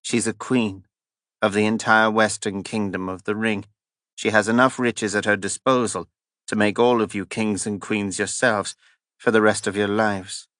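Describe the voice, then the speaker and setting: A man voicing a small, loyal male servant who speaks earnestly and persuades calmly. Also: fairly low pitch, normal speed, no echo, clean studio sound, natural voice. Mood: persuasive.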